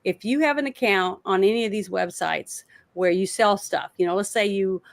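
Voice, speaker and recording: A woman's voice: mid-range voice, creaky, no echo. Fired-up woman ranting on a podcast. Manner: fired-up, swearing, rapid bursts of anger. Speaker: co-host. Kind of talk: heated political podcast rant.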